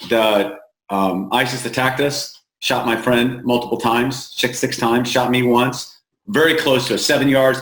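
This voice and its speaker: A man from the United States, an interview guest, telling stories plainly and earnestly with halting restarts, slowing down to stress points. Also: medium pitch, fairly bright tone. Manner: plain-spoken, halting restarts, slows for emphasis. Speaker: founder of an aid group, interview guest. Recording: roomy echo.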